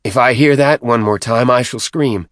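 A man's voice: medium pitch, moderate pace, a bit bright, no room sound, studio quality, pitched above the performer's own voice, natural voice. A man voicing a younger male alien official, drunk and weary, with slurred, petulant speech. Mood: exasperated.

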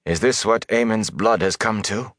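A man voicing a commanding woman sorceress, speaking quietly but sternly. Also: lowish voice, normal speed, dry recording, clean studio sound, close to an everyday voice.

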